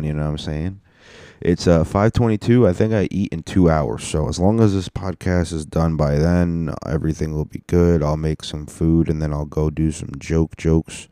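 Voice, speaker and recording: A young comedian talks through his solo podcast at home, rambling and swearing in easy slang. His voice sits very low and mellow. The sound is close and dry, with little room around it. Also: steady tone, moderate pace, no room sound. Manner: rambling, profane, laid-back slang. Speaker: podcast host and stand-up comedian.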